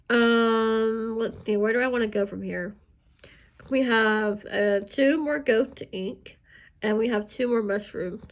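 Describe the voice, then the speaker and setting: A woman chatting casually with viewers while she inks a drawing, rambling and chatty, with a high squeaky voice. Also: vocal fry. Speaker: art channel host.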